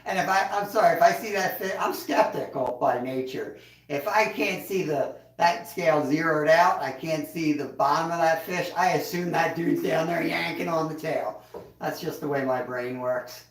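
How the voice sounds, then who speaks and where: A man's voice: on the high side, moderate pace, recorded from a distance. A man hosting a casual livestream, chatting in a laid-back way and chuckling as he reads out viewer comments. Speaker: livestream host. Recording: echoey room, voice off-mic.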